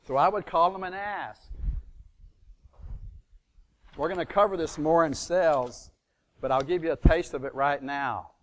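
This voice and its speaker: A middle-aged man teaches a room of students, firing fill-in-the-blank questions at them and playing out sales calls. His voice sits a little high for a man. He keeps the pace of a lively live seminar. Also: a little slow, long pauses. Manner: asks the audience fill-in questions, acts out phone calls. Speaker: real estate seminar speaker.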